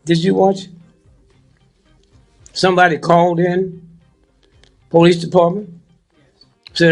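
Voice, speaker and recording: Gravelly, high-voiced man in his eighties. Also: level tone, slow pace, pauses often, faint music behind. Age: 80s. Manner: keeps prodding the crowd with "huh?" and "hmm?". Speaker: speaker addressing a live audience. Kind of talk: preachy comic talk with a live audience.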